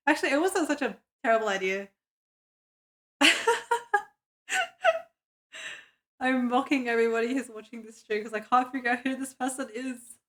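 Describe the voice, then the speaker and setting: Brief: sleep-deprived woman streamer, a touch high-pitched, drowsy mutters and sudden giggles. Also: normal speed, pauses often, fairly bright tone. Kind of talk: casual live-stream chatter.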